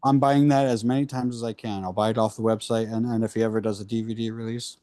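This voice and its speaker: A man's voice: on the low side, steady tone, fast talker, mellow, dry recording. A man who is a musician, rambling as a guest in a casual podcast chat, self-deprecating and laughing often.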